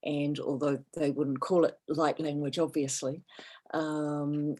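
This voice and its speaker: A woman healer telling a personal story in casual podcast chat, animated when she quotes others and dropping softer at times. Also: deep voice, slow.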